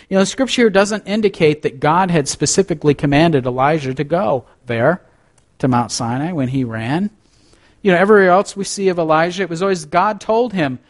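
A pastor preaches a sermon in a fairly high-pitched voice at normal speed, reading scripture aloud with dramatic rises and drops. He adds conversational asides along the way.

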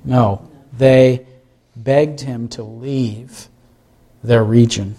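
A man's voice: mid-range voice, steady tone, drawn-out words, mellow. A man preaching a sermon, reading scripture and asking the congregation questions as he explains it. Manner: asks the congregation questions, reads scripture aloud. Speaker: pastor.

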